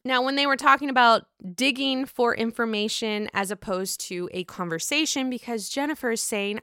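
A woman casually recapping a reality show reunion for her vlog, gossipy and profane, with animated reactions. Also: fairly high pitch, normal speed, few pauses, smooth, dry recording, clean studio sound.

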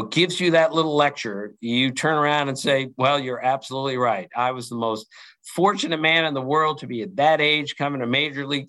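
A middle-aged man telling lively anecdotes in an interview, acting out quotes from others. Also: mid-range voice. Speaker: interview guest, baseball writer. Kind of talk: storytelling in an interview.

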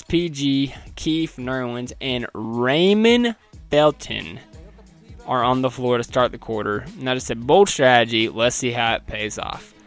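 Man, podcast host, casual basketball recap, chatty, wry, not a deep voice, mid pitch, faint background music. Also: fairly bright tone. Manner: chatty, wry, laughs at his own notes. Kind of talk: casual game recap from notes.

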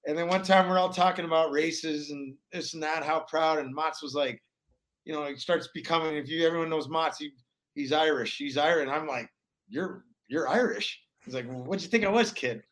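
A man in his forties, a former pro hockey player from Alaska, telling stories in a rambling, animated way with many restarts. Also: a little high, fairly quick. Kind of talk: casual storytelling interview.

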